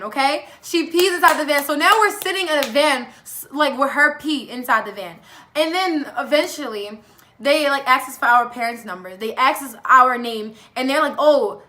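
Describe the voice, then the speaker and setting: A teenage girl telling a casual storytime vlog, animated, acting out quoted lines between fillers. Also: high-pitched. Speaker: vlogger.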